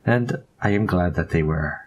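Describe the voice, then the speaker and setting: A kindly young French maid in a storybook game, as a man puts her on in a gentle, put-on French accent. The voice sits low and a little husky. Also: normal speed, highs cut off.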